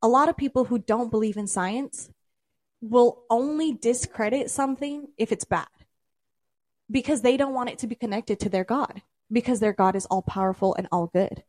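A woman's voice: a little high, normal speed, darkish tone, no room sound. A woman co-hosting a podcast, arguing her point in a casual debate and explaining at length, tripping over words now and then. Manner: argumentative, explains at length with stumbles. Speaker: podcast co-host.

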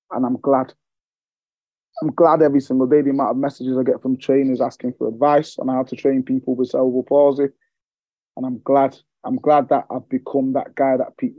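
This English fitness coach has a mid-range voice, captured on a dry recording with the highs cut off. As a podcast guest he shares emotional, candid stories, cursing freely and repeating phrases to drive points home.

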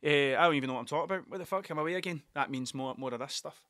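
A Scottish man talks on his own podcast in a loose, rambling way, swearing freely as he goes. His voice sits a little high and comes across bright and tense. The sound is dry, with no room echo. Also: racing. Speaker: podcast host. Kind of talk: casual solo monologue.

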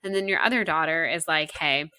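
A woman's voice: sits low, fairly quick, bright, forceful tone, clear, resonant tone, dry recording, clean studio sound. A young woman co-hosting a podcast, chatting casually and animatedly about a book, saying "like" often. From Orlando, Florida. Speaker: podcast co-host. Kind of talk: casual book discussion chat.

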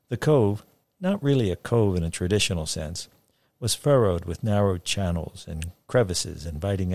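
A man reading a story aloud, with a lively, vivid manner, recorded close and dry. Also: low-pitched, no echo. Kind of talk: storytelling narration.

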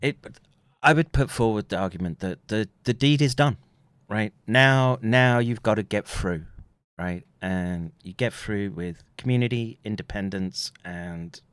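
A man with an English accent rambles through a livestream at a very unhurried pace, pausing to read out viewer comments and chuckling between remarks. His voice sits somewhat low, and it is recorded close and dry with almost no room sound. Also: clean tone, no room sound. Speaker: livestream host reading chat. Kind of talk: casual livestream chat.

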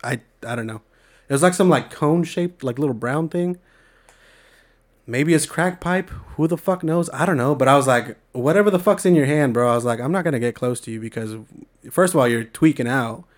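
A man's voice: mid-range voice, a little fast. Young guy from the bay area telling a story, super casual slangy talk, cusses a lot. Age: young adult. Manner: laid-back slangy storytelling with heavy swearing.

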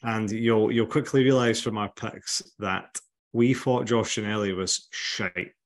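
Scottish male podcast host, low voice, wry teasing delivery. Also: steady tone, measured pace. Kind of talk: casual podcast chat.

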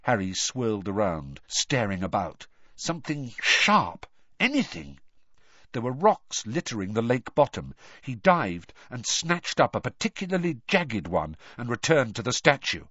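A man reading a story aloud as narrator, measured and expressive. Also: medium pitch, dry recording, dull audio. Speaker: audiobook narrator. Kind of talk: scripted narration.

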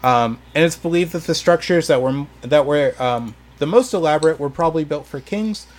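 A man's voice: on the high side, normal speed. A man explaining history on a podcast in a hesitant, casual way, full of ums and restarts. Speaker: history presenter.

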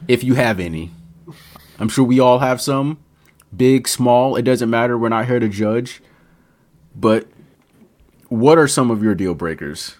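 A man's voice: mid-range voice, measured pace, long pauses, darkish tone. A man co-hosting a casual podcast, playful and swearing freely, with mock-dramatic announcer flourishes. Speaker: podcast co-host.

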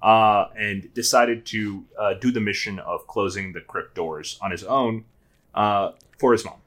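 A man with a fairly low voice talks in a relaxed way on a podcast, agreeing with his co-host and adding comments full of hesitations. He sounds easygoing and conversational. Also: a little slow. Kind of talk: casual book club discussion.

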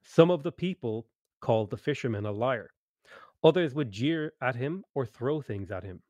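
A man narrating a tabletop game story over an online voice call, reading steadily and now and then clearing his throat. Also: medium pitch, expressive, moderate pace, darkish tone, no room sound.

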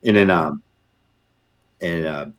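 A middle-aged man, a podcast guest, telling a long anecdote in a casual, animated way, with many fillers and frequent laughs. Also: low-pitched, slow pace. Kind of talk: casual storytelling.

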